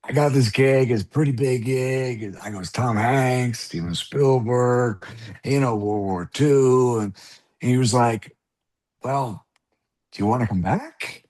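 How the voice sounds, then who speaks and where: A middle-aged man from the South Bronx telling an animated, profane story as an interview guest, acting out the people in it. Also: medium pitch, measured pace. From South Bronx, New York. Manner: animated, profane, acts out voices in anecdotes. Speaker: guest actor.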